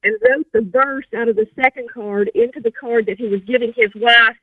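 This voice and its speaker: A woman with a high voice calls in on a tinny phone line and tells a story in a chatty way. The sound is dry, with no room in it. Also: steady tone, brisk, slightly rough, dry recording. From Alabama. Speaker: caller. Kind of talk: anecdote told on a call-in show.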